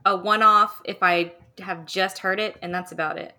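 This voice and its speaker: A woman chatting casually on a podcast, laughing and quick to joke. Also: mid-range voice, steady tone, bright, forceful tone. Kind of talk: casual chat.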